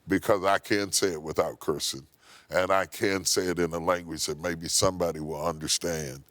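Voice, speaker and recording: A man who is a bishop, speaking in a low, grounded voice. He tells his story with emphatic, preacherly force and leans hard on key words. The sound is close and dry, with no room around it. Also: steady tone, moderate pace, fairly bright tone, no room sound. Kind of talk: interview storytelling. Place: TV studio.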